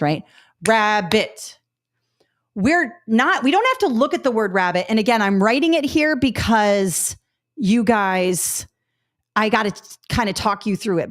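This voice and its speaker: A middle-aged woman with a medium-pitched voice runs a live test-prep webinar, coaching upbeat and talking through examples aloud.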